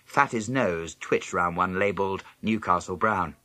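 A man reading a children's novel aloud as a first-person audiobook narration, with lively storytelling. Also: measured pace, no echo. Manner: lively storytelling, jumping high in pitch for other characters' lines.

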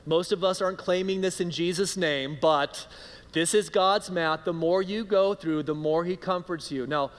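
A man preaching a sermon as pastor, conversational and animated, acting out the people he quotes. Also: high voice, moderate pace, long reverb tail. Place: church sanctuary.

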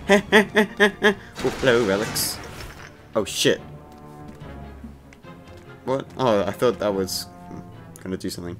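A man chatting slowly and loosely over his gameplay, rambling and cracking crude jokes. Loud game music fills the space behind his voice. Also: mid-range voice, sing-song. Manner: rambling, swearing, jokey. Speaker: let's play host. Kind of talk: casual gameplay commentary.

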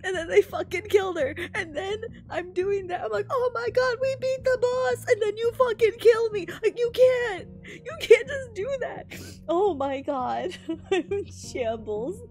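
Young woman streamer, very high voice, slow tearful delivery over game music, sobbing and swearing. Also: a little mellow. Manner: sobbing, laughing through tears, swearing. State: crying. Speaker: Vtuber streamer. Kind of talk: gaming reaction commentary.

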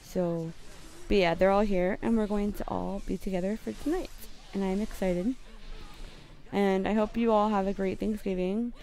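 A woman's voice: mid-range voice, fairly even intonation, moderate pace, warm tone. A young woman from the United States, using a put-on London accent in rambling, self-deprecating gameplay commentary from her bedroom. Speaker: gamer.

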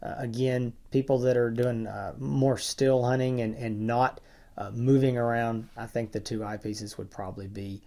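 A man co-hosting a review podcast in casual conversation, often dropping to quiet asides. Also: medium pitch, steady tone, normal speed, gravelly. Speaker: podcast co-host.

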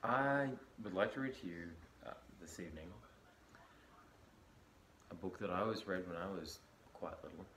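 A man gently reading a picture book aloud to a child at bedtime. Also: low-pitched, lively intonation, slight background noise. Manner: gentle, unhurried storybook reading.

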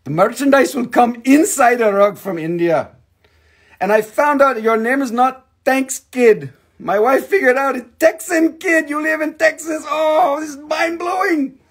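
A man hosting a live-stream crystal sale, rambling and joking in a goofy, playful way with sudden shouts. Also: extremely high pitch, animated, unhurried.

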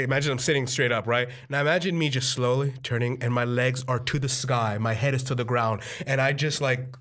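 A man's voice: medium pitch, a bit bright. A man co-hosting a casual podcast, telling a story animatedly, acting out quoted family members and laughing often. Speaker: podcast co-host.

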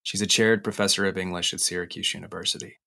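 A man hosting a podcast, narrating a personal story in an intimate, confessional way and slowing down on key phrases. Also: sits low, steady tone, gravelly, pushed and bright. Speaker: podcast host. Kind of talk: personal narration over music.

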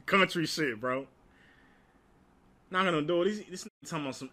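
A man's voice: a little high, moderate pace, pushed and bright. A young man from Alabama, telling profane, laugh-filled stories in a casual way. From Alabama, United States. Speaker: storyteller. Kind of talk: casual storytime.

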